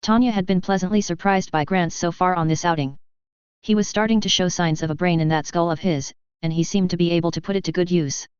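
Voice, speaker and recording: Very smooth, steady story narrator. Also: medium pitch, a little fast, dry recording. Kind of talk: audiobook fan fiction reading. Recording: dry, slightly dull lo-fi recording.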